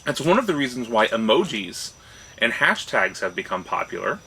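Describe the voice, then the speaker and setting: A man's voice: mid-range voice, big pitch swings, moderate pace, vocal fry, bright, forceful tone, husky, rough recording. A man co-hosting a casual discussion show, talking thoughtfully and often checking in with "right?". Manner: thoughtful, restarts phrases, rising "right?" checks. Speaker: podcast co-host.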